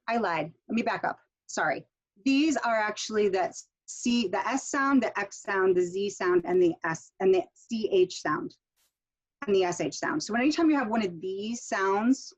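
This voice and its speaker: A woman teaching a pronunciation workshop online. She explains slowly, keeps checking in with "okay?", and corrects herself along the way. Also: mid-range voice. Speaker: pronunciation instructor.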